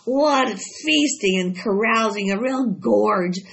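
A woman voicing a greedy, bloated male rat with a husky, hoarse voice and a slow, gloating drawl. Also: medium pitch, lively intonation. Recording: dull lo-fi recording.

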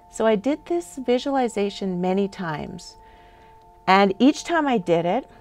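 A woman's voice: medium pitch, a little mellow. Enthusiastic woman coaching from a treadmill. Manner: enthusiastic, talks while walking on a treadmill. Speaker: life coach. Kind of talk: motivational video lesson.

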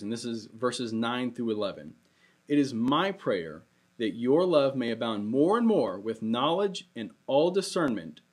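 A man's voice: mid-range voice, darkish tone. Casual young male pastor preaching. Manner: casual, conversational preaching with storytelling. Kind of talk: sermon.

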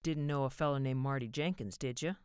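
A woman's voice: rumbling low, a little fast, darkish tone, clean tone, no echo, studio quality. A woman doing a folksy small-town businessman. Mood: chatty. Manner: drawling, colloquial.

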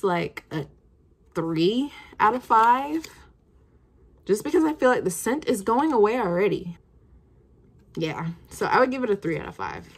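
A woman in her twenties chatting casually as she reviews perfumes, thinking aloud with plenty of fillers. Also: mid-range voice. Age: 20s.

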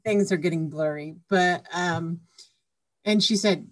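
A woman's voice: lowish voice, unhurried. A woman author being interviewed on a podcast, chatty and emotional, retelling stories. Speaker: author guest.

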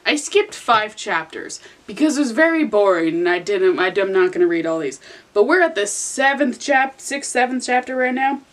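A woman's voice: a little high, lively intonation, normal speed. A young woman reading her old fanfiction aloud in a casual comedic way, laughing, swearing and mocking herself.

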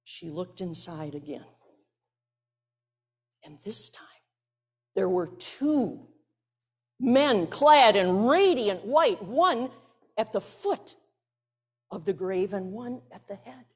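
Woman pastor telling a bible story, slow and hushed, breathy voice. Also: medium pitch. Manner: expressive, intimate, drops to soft near-whispers. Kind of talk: sermon with dramatic storytelling.

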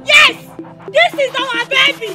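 Shrill jealous Nigerian village wife. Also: female voice, steady tone, takes it slowly, over music. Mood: hysterical shouting. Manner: loud, accusing, mixing in pidgin.

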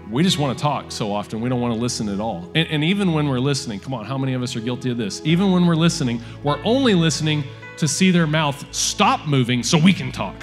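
A man preaches in an animated, conversational style, often turning to the congregation with quick asides. His voice sits at an ordinary middle pitch. It rings through a large hall with a long reverb, and faint music plays under it. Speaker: pastor. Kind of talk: sermon. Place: church auditorium.

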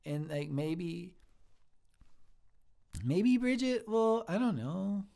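A man playing Pickles, a slow gravelly sweet cook. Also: sits high, heavily acted. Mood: sweet, earnest. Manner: earnest, easily flattered, rambling. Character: sweet shy male restaurant cook, 34. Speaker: character on a live stream. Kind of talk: improvised live-stream character comedy.

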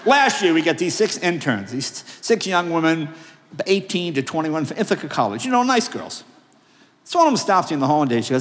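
A man in his sixties accepting an award on a large theater stage, telling comic stories in an animated, jokey way. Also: fairly high pitch, fast, a little hiss or hum. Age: 60s. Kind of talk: stand-up storytelling. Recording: long reverb of a large theater.

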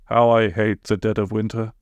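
A man's voice: on the low side, flat delivery, moderate pace, dry recording, natural voice. A man voicing an apologetic innkeeper with a fussy, chatty manner.

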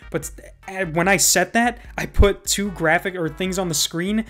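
A man's voice: a little high, a little slow, a bit bright, soft background music. A man reacting to viewer comments in casual commentary, speaking properly with careful enunciation and sarcastic rebuttals. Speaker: YouTube commentator reading comments.

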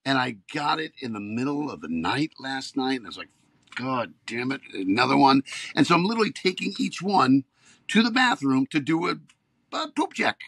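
A man's voice: medium pitch, moderate pace, slightly rough, no echo. A man in his fifties, an actor and podcast guest, telling stories in casual chat and getting worked up as he goes. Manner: animated storyteller, gets worked up.

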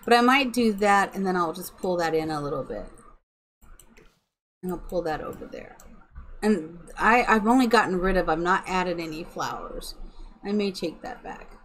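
A middle-aged woman chatting slowly while streaming a building game at home, talking sweetly to her cat. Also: lowish voice, lively intonation, a bit bright, a little hiss or hum, poor audio. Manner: slow and chatty, cooing baby talk to her cat. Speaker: live streamer. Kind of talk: casual game-stream chat.

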